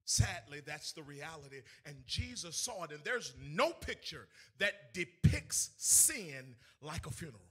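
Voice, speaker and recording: Male evangelist mid-sermon, high and piercing, sing-song preaching, loud peaks then hushed asides. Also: very animated, measured pace, hardly any pauses, breathy edge. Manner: preaching with big swings from shouting to hushed. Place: in front of a congregation.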